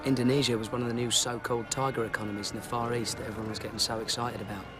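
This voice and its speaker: A man's voice: medium pitch, level tone, rapid-fire, music in the background, natural voice. A young English man narrating his own story in a cocky, wry tone. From England. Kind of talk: film narration.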